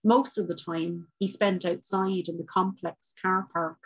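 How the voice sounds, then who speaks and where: Husky-voiced woman reading a story. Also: on the low side, fairly even intonation, a little slow, highs cut off. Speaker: author reading. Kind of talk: reading a short story aloud. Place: book launch.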